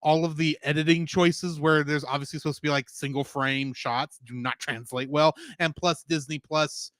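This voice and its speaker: A man co-hosting a podcast in casual chat, ranting in quick animated bursts. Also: a little high, no room sound. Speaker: podcast co-host.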